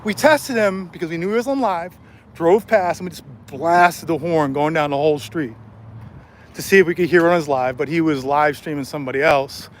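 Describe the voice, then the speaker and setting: A man's voice: fairly high pitch, a little fast, slight background noise. A man ranting angrily on a livestream from a city street, swearing and taunting a rival, recorded on a cell phone. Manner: angry, profane, taunting.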